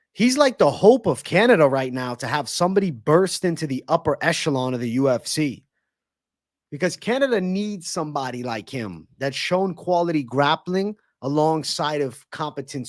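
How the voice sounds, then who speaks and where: A young man hosting a live fight-talk stream, brash and swearing freely as he banters with viewers. His voice swings lively up and down, and the sound is dry and close with no room around it. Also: a little high, no room sound. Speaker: livestream host and fight analyst. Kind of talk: casual live-stream chat.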